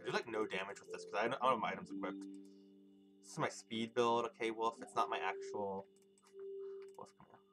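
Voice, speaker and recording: A man's voice: lowish voice, fairly even intonation, brisk, long pauses, over loud music. A young man streaming a video game, rambling loosely and chuckling as he chats with his viewers. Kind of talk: casual live gameplay commentary.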